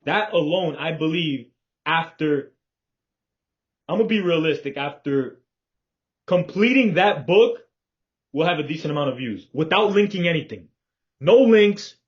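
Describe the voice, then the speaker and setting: A man's voice: a little high, animated, measured pace. A man in casual planning talk with a business partner, confident and emphatic and swearing freely, heard over a video call. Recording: dull lo-fi call audio.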